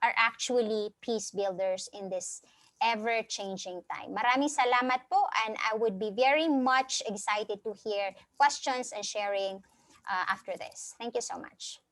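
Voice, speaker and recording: Woman, high voice, halting earnest speech. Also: a bit bright, no echo. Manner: halting, earnest, tags sentences with "no". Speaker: panel speaker, professor. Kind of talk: speech at a webinar panel.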